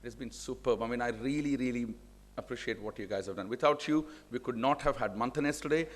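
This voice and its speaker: A man, a professor giving heartfelt thanks in a large hall. He halts, restarts and repeats words. The long reverb of the auditorium trails behind each phrase, and his pitch sits mid-range for a man. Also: quick pace. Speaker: finance professor. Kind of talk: emotional thank-you speech.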